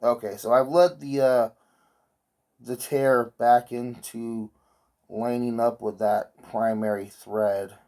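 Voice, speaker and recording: A man's voice: medium pitch, flat delivery, slow, dark tone. A man vlogging while he sews, telling a meandering story in an offhand way and swearing casually.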